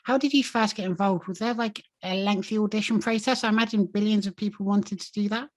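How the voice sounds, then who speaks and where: A woman's voice: medium pitch, fairly even intonation, a little fast. A woman hosting an interview, asking questions and admiring her guest. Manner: warm, admiring and complimentary. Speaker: interview host.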